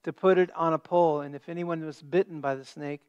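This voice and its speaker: A man preaching a sermon as pastor, stressing key words and dropping to a hush at the ends of phrases. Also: fairly high pitch, fairly even intonation, fairly quick, clean tone, highs cut off. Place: church sanctuary.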